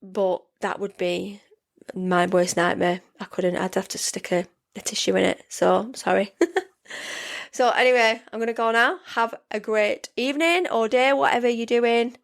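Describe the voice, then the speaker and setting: The solo podcast host, a woman in her forties, has a gravelly, medium-pitched voice with a steady tone and moderate pace. Drowsy and yawning, she talks chattily and rambles, restarting frequently and saying "yeah" a lot.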